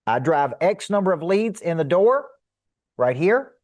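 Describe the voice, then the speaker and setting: A middle-aged man teaching a seminar to a live audience as a sales coach, energetic and emphatic, asking rhetorical questions. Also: high voice, unhurried, no room sound, clean studio sound.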